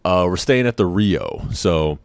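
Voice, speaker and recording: A man's voice: deep voice, expressive, measured pace, clear, resonant tone, no room sound, clean studio sound. A man in his thirties hosting a podcast, telling a personal story in a candid, joking way with many casual asides. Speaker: podcast host.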